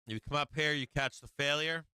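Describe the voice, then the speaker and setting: This man's voice is on the high side, brisk and bright, with a forceful, clean tone in a dry recording. Running a live trading stream, he addresses viewers head-on, coaching and taunting them with brash, profane, rambling remarks, repeating "right?" constantly and often starting over.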